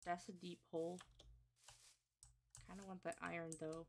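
A woman's voice: on the low side, little pitch movement, normal speed, gravelly. A woman streaming a game, chatting casually and muttering to herself as she plays, self-deprecating and easily startled. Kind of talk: casual gameplay commentary. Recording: loud background noise.

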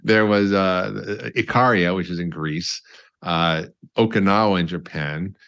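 A very low-pitched man speaks as a doctor in an interview. He explains at length, stacking up examples and restarting phrases as he thinks. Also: a little slow, vocal fry, a bit bright, smooth. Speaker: doctor and guest. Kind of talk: conversational interview.

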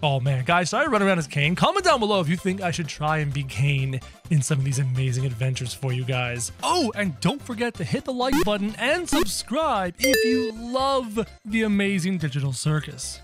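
Excitable high-voiced gaming guy. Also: moderate pace, few pauses, over music. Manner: excitable, talks straight to viewers. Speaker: gaming YouTuber. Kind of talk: casual gameplay commentary.

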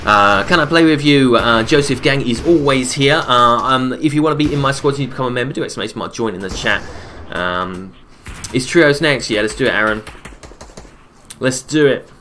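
A man streaming a game live, chatting casually, reading viewers' messages aloud and answering them between quick calls about the play. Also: medium pitch, slight background noise. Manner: relaxed, chatty, repeats his own phrases. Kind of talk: casual live-stream commentary while gaming.

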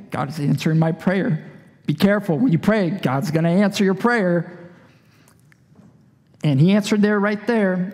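A man's voice: fairly high pitch, mellow, in a large hall. A man preaching a sermon as a pastor, earnest and full of storytelling. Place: church.

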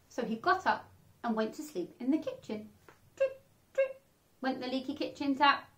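A woman reading a children's picture book aloud, animated and expressive, acting out the sound effects. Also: a little high, normal speed. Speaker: children's storyteller.

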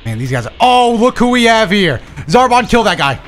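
A young man streaming a video game, talking to himself in excitable, profane commentary. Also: high voice, brisk, slight background noise. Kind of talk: casual gameplay commentary.

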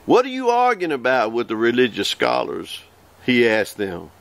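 A man in his sixties preaching a folksy sermon, slowing down to read scripture aloud. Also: mid-range voice, huge pitch swings. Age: 60s.

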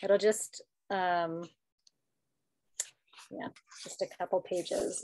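A woman author talking haltingly at an online book event, full of fillers and restarts. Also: lowish voice, level tone, a little mellow, dry recording. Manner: hesitant, many "you know" fillers and restarts. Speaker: author and guest.

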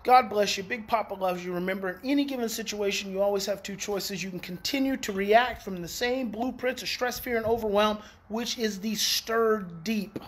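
A man and parenting educator in a casual daily talk to viewers. He is emphatic, repeats key phrases and swings in pitch. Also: normal speed, few pauses. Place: outdoors in the evening.

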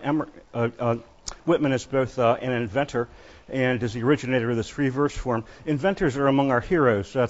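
Male professor, mid-pitched, halting classroom lecture with many fillers; muffled lecture-hall capture. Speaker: literature lecturer.

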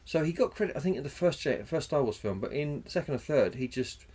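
A man's voice: a little high, animated, quick pace, darkish tone, breathy edge. A man co-hosting a podcast in casual chat, rambling, swearing freely and searching for names mid-sentence. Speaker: podcast co-host.

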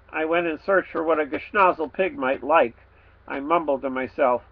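A man, the author, reading his children's storybook aloud with playful, expressive delivery. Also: on the high side, moderate pace, phone-quality sound.

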